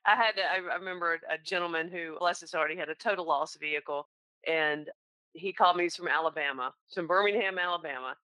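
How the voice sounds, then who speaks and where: Chatty Southern woman, bright voice. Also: fairly low pitch, fast talker, no echo, rough recording. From North Carolina. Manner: chatty, storytelling, laughs often. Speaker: insurance claims professional. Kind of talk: casual conversation.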